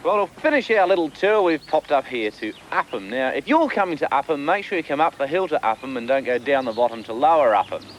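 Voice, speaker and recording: Australian man, TV field reporter, lively pitch, fast banter, outdoor background noise. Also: poor audio. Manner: jokey, chatty, quick banter. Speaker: roving TV reporter. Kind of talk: light-hearted live field reporting. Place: outdoors on location.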